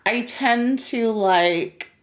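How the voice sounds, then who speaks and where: A woman from the United States co-hosts a relaxed reaction chat. She often chimes in with short agreements and then talks through her own thoughts in an easygoing way. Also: on the high side, very slow. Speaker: reaction video co-host.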